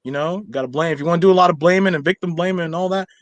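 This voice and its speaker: A man's voice: a little high, racing. A young man co-hosting a podcast in casual chat, talking animatedly and rambling with lots of fillers. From Nigerian household. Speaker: podcast co-host.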